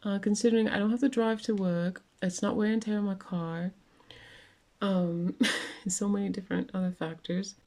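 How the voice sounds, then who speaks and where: A woman's voice: medium pitch, fairly even intonation, moderate pace, darkish tone. A young woman venting in a casual vlog rant, rambling with many fillers and restarts. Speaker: vlogger.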